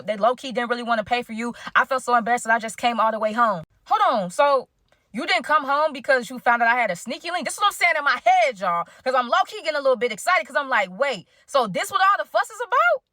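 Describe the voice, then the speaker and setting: A woman's voice: on the high side, quick pace, no room sound, clean studio sound. A woman telling a casual story time to her chat, acting out the quoted dialogue. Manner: animated, acts out quoted dialogue.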